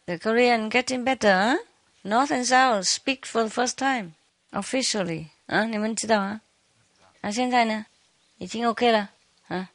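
A woman's voice: fairly high pitch, normal speed, fairly bright tone, no echo. A woman teacher giving an informal talk to a retreat audience, teasing them playfully with frequent laughter and switching between English and Chinese.

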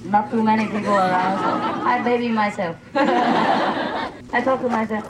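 A woman's voice: fairly high pitch, steady tone, normal speed, over a noisy crowd, heavy background noise. A woman spiritual teacher answering questions from a gathering in non-native English, playful and laughing often.

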